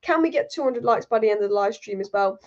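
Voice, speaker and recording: A woman's voice: medium pitch, lively intonation, fast, darkish tone. A young woman hosting a live-stream football fan channel, ranting heatedly and reading out viewer comments. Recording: dull lo-fi stream audio.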